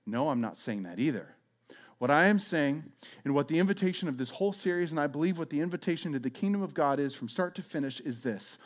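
A man's voice: a little high, expressive, a little fast. A man giving a conversational sermon as a pastor, with frequent stammering restarts, acting out voices as he goes.

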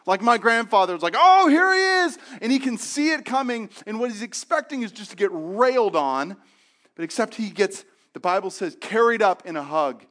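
Animated high-voiced male preacher. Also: moderate pace. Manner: animated storytelling, acting out quotes in raised voices. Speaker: pastor. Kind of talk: sermon with acted-out stories.

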